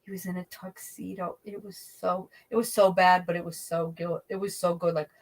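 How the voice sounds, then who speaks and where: A woman's voice: lowish voice, moderate pace, poor audio. A middle-aged woman hosting a casual livestream, telling a funny story to her chat, swearing and laughing as she goes. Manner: animated, swearing, laughing mid-sentence. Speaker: livestream host reading chat.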